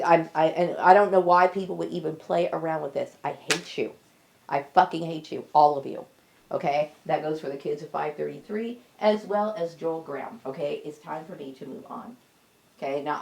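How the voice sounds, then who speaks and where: Defiant middle-aged woman, low gravelly voice with fry, hammers each point home. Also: darkish tone. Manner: emphatic, repeats "okay?" for stress; blunt and defiant. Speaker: vlogger. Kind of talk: personal monologue to camera.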